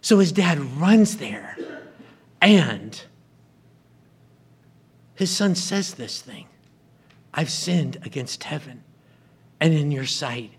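A man's voice: fairly high pitch, lively intonation, slow pace, long pauses, breathy edge. A man preaching a sermon, retelling a story and acting out the characters' lines.

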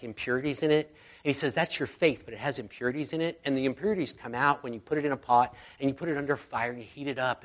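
Chatty man preaching a sermon. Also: medium pitch. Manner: conversational, rambling, with fillers and asides. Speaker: pastor.

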